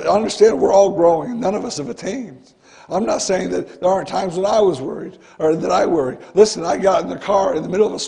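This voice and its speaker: Male pastor, earnest conversational sermon, mellow gravelly tone. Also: high-pitched. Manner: earnest, conversational preaching, often starting with "listen". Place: church sanctuary.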